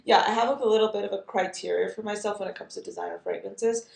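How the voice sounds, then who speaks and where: A woman reviewing new perfume releases in a loose, chatty way, full of fillers and amused asides. Her voice has a gravelly, creaky edge at a mid pitch, and the room around her is echoey. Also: steady tone, fast talker. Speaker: fragrance reviewer. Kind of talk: casual chat.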